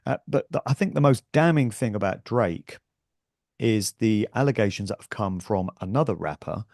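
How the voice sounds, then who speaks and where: A man's voice: on the low side, expressive, normal speed, a little mellow, no room sound, clean studio sound. A male guest on a talk show, holding forth emphatically and scornfully in casual conversation. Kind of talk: casual chat.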